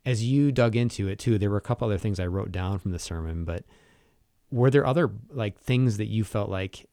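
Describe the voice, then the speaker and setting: A man in a relaxed faith conversation, speaking earnestly and searching for words with fillers. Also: fairly low pitch, fairly quick, no echo, studio quality.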